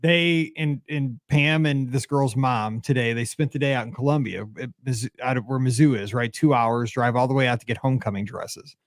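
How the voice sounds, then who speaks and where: A man in his forties co-hosting a podcast, telling stories in an animated, excitable way and saying "dude" often. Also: mid-range voice, a little fast, hardly any pauses, dry recording, studio quality. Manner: excitable, animated storytelling, says "dude" a lot. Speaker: podcast co-host. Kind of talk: casual chat.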